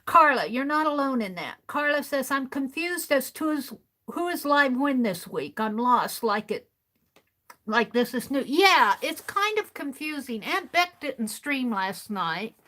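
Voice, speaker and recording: Casting: higher-voiced woman, unhurried, chatty craft-stream host who thinks aloud and repeats herself. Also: animated, sharp tone. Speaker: art journaling livestream host. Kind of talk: casual chat while crafting. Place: home craft desk.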